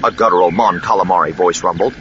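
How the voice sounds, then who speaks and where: A man narrating an audiobook in an expressive, dramatic reading. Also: deep voice, fast. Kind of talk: scripted narration. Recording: dull lo-fi with steady noise.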